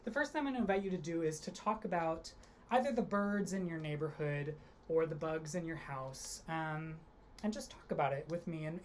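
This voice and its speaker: Low-voiced woman leading a drama workshop. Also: darkish tone, a little hiss or hum. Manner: demonstrates games with big emotional line readings. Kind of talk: online theatre workshop instruction. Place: home, video lesson.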